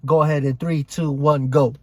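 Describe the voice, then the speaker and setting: A man's voice: a little high, steady tone, moderate pace, no room sound. Young man hosting a loose podcast. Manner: loose, profane, repeats himself. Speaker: podcast host. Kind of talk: casual podcast chat.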